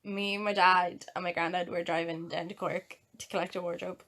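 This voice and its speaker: A woman's voice: on the low side, moderate pace, a little hiss or hum. A young adult woman with an Irish accent, co-hosting a podcast and telling stories in casual chat, laughing often. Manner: laughing, animated storytelling. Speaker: podcast co-host.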